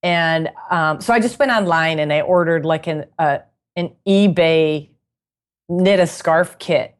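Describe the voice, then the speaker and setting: A woman guest in a casual interview, telling stories in a chatty, animated way and laughing often. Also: deep voice, a little slow. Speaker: guest musician and knitting author.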